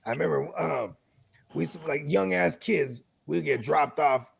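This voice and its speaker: High gravelly jokey podcast guy. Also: moderate pace, a crowd in the background. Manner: playful, jokey, animated banter. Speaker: podcast co-host. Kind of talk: casual chat.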